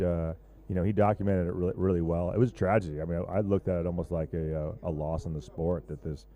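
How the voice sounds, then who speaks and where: Deep, dark-voiced surf commentator man. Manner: loose, joking, rambling with fillers. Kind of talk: live sports commentary.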